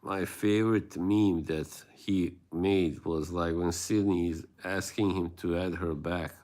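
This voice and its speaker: A man's voice: deep voice, fairly even intonation, measured pace, a little mellow. A man hosting a livestream, rambling in casual chat with his viewers and laughing often. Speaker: livestream host.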